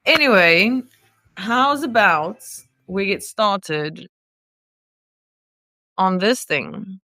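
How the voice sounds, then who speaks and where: A woman's voice: medium pitch, expressive, drawn-out words, sharp tone, no echo. A woman vlogger in casual, rambling chat, answering viewer comments in a playful way.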